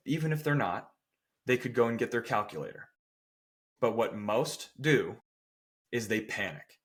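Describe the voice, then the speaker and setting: Male strength coach co-hosting a podcast, emphatic, keeps asking "right?", mid-pitched voice. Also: fairly bright tone. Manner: acts out people's quotes with playful voices. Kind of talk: casual podcast chat.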